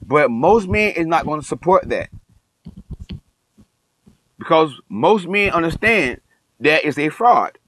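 This middle-aged man, a coach who also comments online, preaches with emphatic passion, repeating phrases and describing himself as passionate. He speaks slowly in a rather high, sing-song, fairly bright voice, pausing often. The audio is poor, with no room sound.

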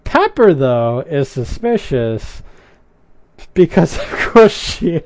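A man's voice: fairly high pitch, sing-song, slow, darkish tone, no room sound. A man giving a casual recap of a show's episode, adding chatty asides and his own opinions. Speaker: show recapper.

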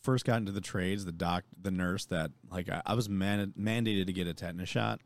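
A man's voice: deep voice, steady tone, fairly quick. Profane laid-back podcast co-host man. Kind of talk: casual chat.

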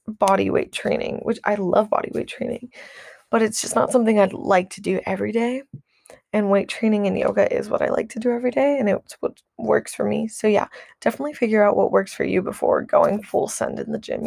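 A woman's voice: mid-range voice, gravelly, a little mellow, dry recording, clean studio sound. A young woman vlogger chatting casually about her routine, rambling with lots of "like" and restarts, candid and swearing. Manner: rambling, heavy use of "like", frequent restarts.

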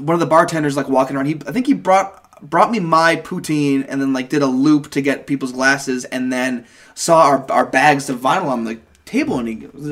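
A man's voice: on the high side, fairly bright tone. A young man telling a rambling, profane story on a casual podcast. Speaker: podcast co-host.

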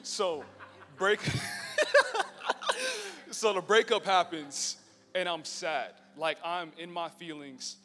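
A man's voice: on the high side, slow, sharp tone. Young man sharing testimony in a church hall. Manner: casual, storytelling, joking with the crowd. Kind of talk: personal testimony to a live audience. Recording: long reverb in a church hall with faint music.

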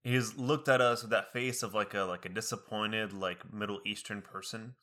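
A young man and college student chatting casually, rambling with many fillers and slipping into high impressions of other people. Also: fairly even intonation, pushed and bright. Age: young adult. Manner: quick, many fillers and restarts. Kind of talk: casual chat.

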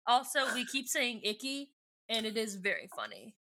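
Playful bright-voiced woman podcaster. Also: on the high side, moderate pace, slight background noise. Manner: playful, lively, often quotes characters in put-on voices. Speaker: podcast co-host. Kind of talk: casual book-club chat, acting out dialogue.

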